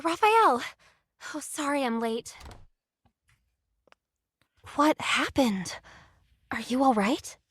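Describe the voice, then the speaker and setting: A woman reading aloud as a worried young heroine in a romance game, in a slow, soft, concerned way. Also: high-pitched, sing-song, heavily acted.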